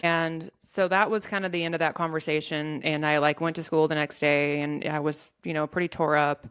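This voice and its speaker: A woman telling a painful personal story in an interview, in a halting way with many restarts. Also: low voice, little pitch movement, fairly bright tone, clear, resonant tone. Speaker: guest sharing her story.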